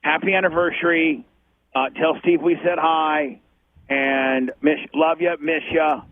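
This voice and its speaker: A man's voice: on the high side, steady tone, a little slow. A man hosting a radio show leaves a rambling, teasing voicemail with crude jokes. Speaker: radio host leaving a voicemail. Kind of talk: joking voicemail message. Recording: tinny phone line with faint hiss.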